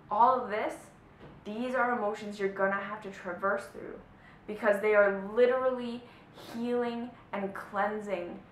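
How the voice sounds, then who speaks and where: A woman coach gives a motivational talk, pressing each point hard and checking in with her listeners as she goes. Her mid-pitched voice rings in an echoey room. A faint low rumble sits under the recording. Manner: emphatic, often checks in with "right?" and "okay?". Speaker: spiritual life coach. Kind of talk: motivational teaching to camera.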